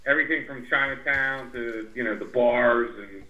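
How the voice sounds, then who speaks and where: Bright-toned hesitant podcast guest. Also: male voice, mid-range voice, normal speed, echoey room, highs cut off. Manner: hesitant, trailing off with fillers. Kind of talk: casual chat.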